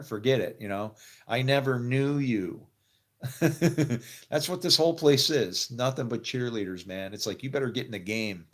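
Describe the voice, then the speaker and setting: A middle-aged man telling a personal story in a casual, rambling way, often laughing and acting out what people said. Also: mid-range voice. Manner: rambling, animated, quick to laugh and quote people. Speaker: actor telling his faith story.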